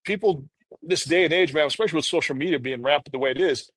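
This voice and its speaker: A man's voice: fairly high pitch, quick pace, a bit bright, no room sound. Earnest man telling his story, dry sound. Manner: earnest, rambling, many fillers like "you know". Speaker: podcast guest. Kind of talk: candid personal storytelling.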